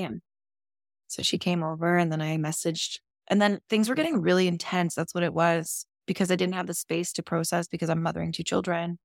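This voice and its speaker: A woman with a lowish, gravelly voice opens up on a podcast about her own experience. She talks casually and emotionally and swears now and then. The sound is dry and close. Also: dry recording. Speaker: podcast guest. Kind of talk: candid personal storytelling.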